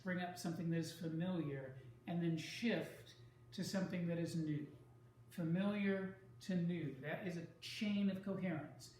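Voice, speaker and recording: A man teaching a writing class, lecturing deliberately in short phrases with pauses between them. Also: high-pitched, darkish tone. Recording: very echoey classroom with faint noise.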